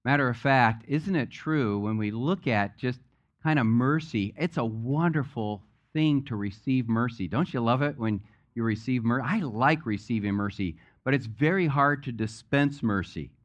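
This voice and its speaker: A man's voice: mid-range voice, normal speed, highs cut off. A man preaching a sermon as pastor, speaking conversationally and mixing in jokes. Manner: conversational, joke-telling preacher. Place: church sanctuary.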